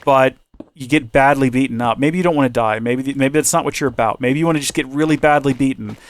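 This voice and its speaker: A man's voice: mid-range voice, quick pace. A man hosting a gaming channel, rambling and joking with viewers in a chatty commentary while his voice starts to give out. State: losing his voice. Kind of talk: chatty let's-play commentary.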